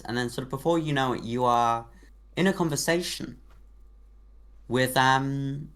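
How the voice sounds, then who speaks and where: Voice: mid-range voice, measured pace, pauses often, fairly bright tone. A game master narrating a tabletop role-play game in a loose, rambling way.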